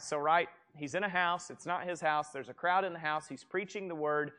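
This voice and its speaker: A man's voice: fairly high pitch, moderate pace, few pauses, clean tone. A man preaching a sermon in a church room, reading scripture aloud and acting out gasps with frequent restarts. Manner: animated, acts out gasps, restarts often. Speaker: pastor. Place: church room with a gathered congregation.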